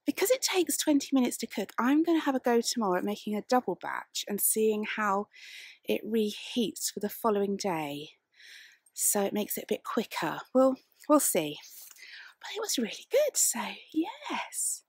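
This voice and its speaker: A woman's voice: medium pitch, sing-song, normal speed, slightly rough, no room sound. A woman from England with a southern English accent, chatting casually and a little out of breath while out walking, talking fondly to her dog. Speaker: vlogger. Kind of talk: casual vlog on a walk. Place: outdoors on a country walk.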